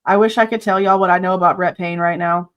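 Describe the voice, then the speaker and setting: A woman's voice: fairly low pitch, steady tone, fast talker, muffled recording. A young woman hosting a true crime channel, giving outspoken reaction commentary full of blunt rhetorical questions.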